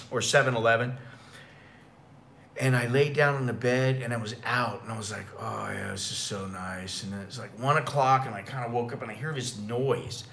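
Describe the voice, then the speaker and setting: A man's voice: mid-range voice, a bit bright, slight background noise. An American man telling rambling, profane stories in a casual livestream chat. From United States. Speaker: expat vlogger.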